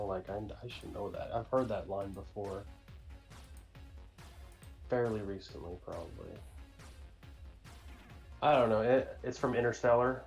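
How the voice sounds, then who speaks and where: A man's voice: fairly low pitch, darkish tone. A young man co-hosting a casual movie podcast, thinking aloud and unsure of his answers. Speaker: podcast co-host.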